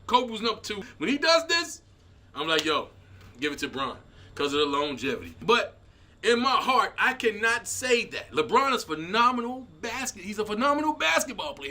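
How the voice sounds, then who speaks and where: Male comic host, high voice, animated storyteller who plays every part and goes loud at the peaks. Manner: animated storytelling, acting out quotes, shouting at peaks. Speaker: comedian host. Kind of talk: energetic stand-up style commentary.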